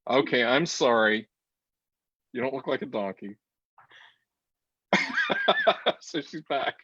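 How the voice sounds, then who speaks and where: A man's voice: medium pitch, slow, fairly bright tone, husky, no room sound, muffled recording. A man co-hosting a casual chat show over a video call, rambling and laughing often. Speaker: co-host.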